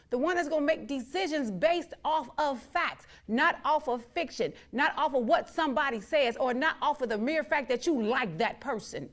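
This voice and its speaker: A woman with a high-pitched, fairly bright voice hosts her own show, addressing viewers in a blunt, defiant monologue packed with repeated, emphatic declarations.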